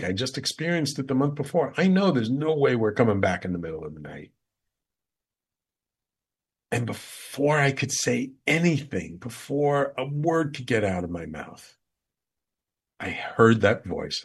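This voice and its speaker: A man's voice: mid-range voice, slightly rough. Earnest man telling a personal story. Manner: earnest, heartfelt, repetitive emphasis. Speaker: show host.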